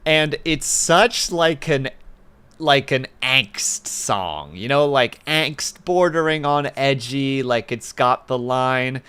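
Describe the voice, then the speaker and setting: A man's voice: mid-range voice, animated, slow, bright, forceful tone, smooth. A man chatting casually on a livestream, rambling with playful asides in a home setup with a desk mic. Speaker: streamer. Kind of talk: casual stream chat.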